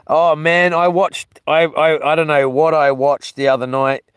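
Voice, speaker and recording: A man's voice: fairly high pitch, little pitch movement, a little slow, a bit bright, clear, resonant tone, no echo, clean studio sound. A man chatting loosely to his live viewers on a solo camping trip, wandering off topic and mildly cursing as he greets people from the chat. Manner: meandering, loses his thread, mild cursing. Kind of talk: casual rambling live chat.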